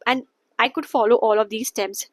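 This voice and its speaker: A woman's voice: on the high side, steady tone, moderate pace, no room sound, poor audio. A young woman with an Indian English accent talks to camera in an earnest, repetitive way, now and then dropping Hindi phrases into her English. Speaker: wellness vlogger. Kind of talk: casual talk to camera.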